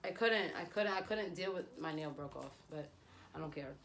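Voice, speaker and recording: A young woman vlogger telling a personal story in a lively, slangy, casual way. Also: low-pitched, moderate pace, slight background noise. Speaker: beauty vlogger. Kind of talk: storytime vlog.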